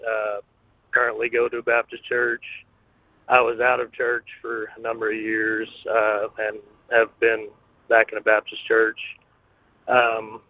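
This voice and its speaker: A man's voice: medium pitch, dry recording. A man calling into a radio show, speaking hesitantly and searching for his words. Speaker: caller. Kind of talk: phone-in question. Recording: tinny phone line.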